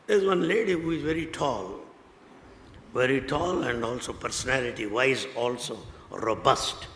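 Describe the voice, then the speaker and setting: An older man with an Indian English accent telling devotional stories in a lively way, acting out what people said. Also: a little high, moderate pace. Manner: animated storyteller, acts out quotes, laughs often. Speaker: spiritual speaker. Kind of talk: devotional talk with anecdotes. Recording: echoey hall, faint background noise.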